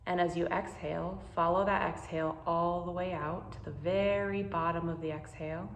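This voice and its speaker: A woman guiding a meditation, speaking slowly and gently with soothing instructions. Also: lowish voice, steady tone, reverberant, a little hiss or hum. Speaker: meditation guide. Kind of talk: guided meditation.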